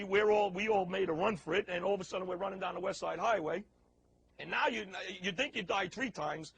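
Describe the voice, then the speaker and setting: Gravelly high-voiced man recounting events. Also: a little hiss or hum, poor audio. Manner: halting, repeating and restarting phrases. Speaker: eyewitness, building worker. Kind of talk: emotional eyewitness account.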